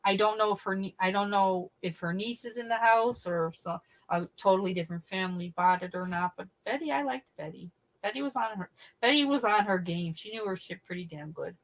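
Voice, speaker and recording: A middle-aged woman with a medium-pitched voice speaks fairly quickly on her casual livestream, reading chat and telling a funny story. Animated throughout, she swears and laughs mid-sentence, with rough audio quality.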